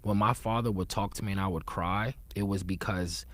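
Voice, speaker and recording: A man with a very deep voice speaks in a reflective conversational way. He is earnest and often sinks into a soft, low murmur. When he stresses a point he turns emphatic. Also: fairly even intonation, brisk, no room sound.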